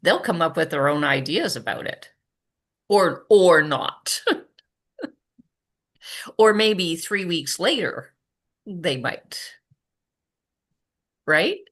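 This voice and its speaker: Woman, low voice, podcast host, animated, chatty. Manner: animated, laughs often, quick asides. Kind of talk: conversational interview.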